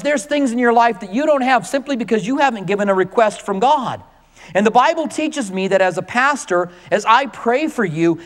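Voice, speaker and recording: A male pastor preaching a conversational, animated sermon to his congregation. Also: sits high, in a large hall.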